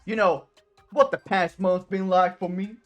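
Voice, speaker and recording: A woman's voice: on the low side, fairly even intonation, a little slow, soft background music, close to an everyday voice. A woman voicing a brash, bored male penguin boss who talks in a slangy, teasing street drawl. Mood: swaggering.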